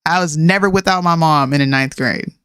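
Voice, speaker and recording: A woman in her thirties, a podcast co-host, chatting casually and ranting in an animated way, mixing in slang and laughs. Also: low-pitched, brisk, clean tone, no room sound, studio quality. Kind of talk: casual chat.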